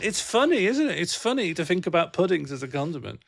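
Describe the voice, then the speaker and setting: A man's voice: high-pitched, very animated, fast talker, gravelly. Giggly man streaming casually. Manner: giggly, laughs often, rambling and playful. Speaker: livestreamer reading chat. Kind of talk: casual live-stream chat.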